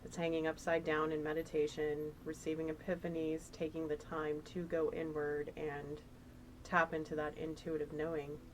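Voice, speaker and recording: Woman, tarot reader, chatty and emotional, rambling, lowish voice. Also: completely flat delivery, moderate pace, a little hiss or hum, low-quality recording. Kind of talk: casual spiritual tarot reading.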